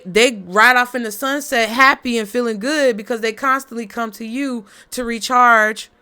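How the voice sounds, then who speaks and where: A woman's voice: on the high side, pushed and bright, smooth. Blunt, fired-up woman tarot reader. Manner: blunt, profane, fired-up motivational talk. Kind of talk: casual collective tarot reading.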